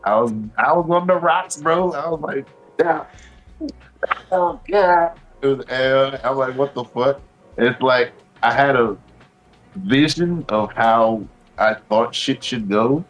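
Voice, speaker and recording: A man's voice: medium pitch, unhurried, a bit bright, reverberant, lo-fi sound, faint music behind. A man co-hosting a podcast, telling a long story casually, swearing freely and peppering it with "bro". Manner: profane, rambling storytelling with lots of "bro". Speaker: podcast co-host.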